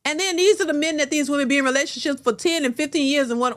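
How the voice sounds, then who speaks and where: A woman's voice: sits high, fast, a little hiss or hum. A woman hosting a reaction video, ranting bluntly and emphatically to her viewers with plenty of cursing. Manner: blunt, emphatic, profane, addresses viewers directly.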